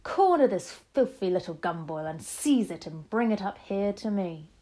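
A woman's voice: mid-range voice, unhurried, darkish tone, close to an everyday voice. A woman voicing a bossy, cruel female witch leader who screeches orders in a storybook reading. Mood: furious.

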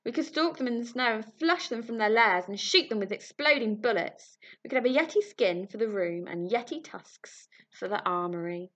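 A woman reading a storybook aloud, voicing a weedy, timid little rich man who squeaks and squeals with excitement. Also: normal speed, hardly any pauses. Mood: squeaky excited. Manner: excited, twittery.

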